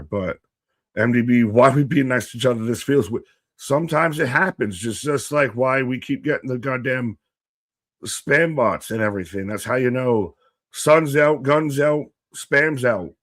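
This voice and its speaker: Guy riffing on a live wrestling stream, rambly and hyped, talks to the chat. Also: mid-range voice. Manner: rambling, animated, jokey asides to chat. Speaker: watch-along co-host. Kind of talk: live wrestling watch-along commentary.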